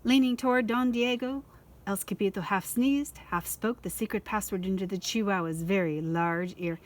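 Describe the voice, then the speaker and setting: A woman school librarian reading a children's picture book aloud in a lively, expressive way. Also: medium pitch, moderate pace, slight background noise.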